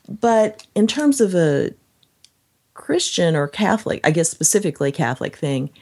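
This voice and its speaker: Woman, casual chat, low-ish voice, hoarse, animated. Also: moderate pace. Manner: animated, acts out quotes in a higher voice. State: voice going hoarse. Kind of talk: casual conversation.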